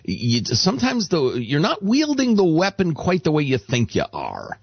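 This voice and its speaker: A man's voice: moderate pace, creaky, breathy edge, no echo, muffled recording. A middle-aged man co-hosting a radio talk show, joking wryly in casual chat. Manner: wry, joking, very expressive pitch. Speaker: radio co-host.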